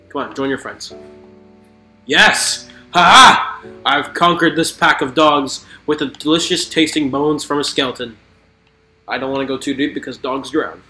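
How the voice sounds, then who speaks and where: A man giving excitable let's play commentary while gaming, swearing and talking to the creatures in the game. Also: mid-range voice. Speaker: gamer. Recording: roomy echo with faint music.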